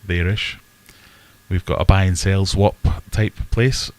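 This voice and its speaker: Speaking slowly in a low voice with fairly even intonation, a man hosts a laid-back livestream. He rambles, jokes at his own expense, and answers questions from his viewers into a desk webcam setup.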